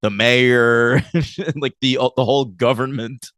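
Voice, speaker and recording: A man's voice: mid-range voice, fairly even intonation, unhurried, a bit bright, no echo, clean studio sound. A man co-hosting a podcast, chatting casually and animatedly as he recaps a TV episode, teasing his co-host and laughing often.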